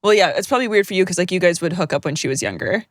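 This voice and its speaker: A woman co-hosting a podcast, reading listener stories aloud with joking, animated banter. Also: lowish voice, racing, no echo, studio quality. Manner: animated, joking, laughs mid-sentence. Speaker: podcast co-host.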